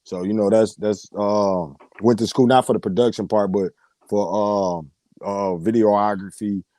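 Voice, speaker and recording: A man's voice: on the low side, steady tone, a little slow, dark tone. A man, co-hosting a sports talk show in casual chat, slangy and laughing often.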